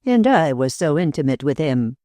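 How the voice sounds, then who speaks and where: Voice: mid-range voice, very animated, normal speed, dark tone, no echo, clean studio sound, close to an everyday voice. A narrator voicing a nervous middle-aged husband who stammers and moans in fear. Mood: anxious. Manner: stammering, moaning.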